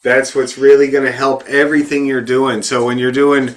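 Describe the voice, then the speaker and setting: Relaxed, encouraging male fiddle teacher. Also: mid-range voice, moderate pace. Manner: encouraging, relaxed, repeats praise. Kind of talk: one-on-one music lesson. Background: fiddle playing.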